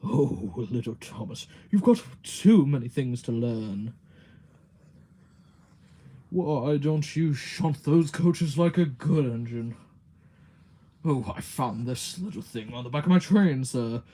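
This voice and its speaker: A man's voice: medium pitch, animated, takes it slowly, mellow, breathy edge. A man on a livestream voicing a proud, bossy male express steam engine who scolds in a lordly way. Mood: scolding. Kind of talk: livestream voice impression.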